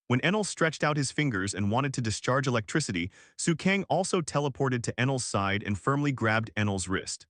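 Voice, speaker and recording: A male text-to-speech voice narrating a fantasy novel audiobook with a flat, even delivery. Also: medium pitch, dry recording, studio quality. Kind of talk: machine-read novel narration.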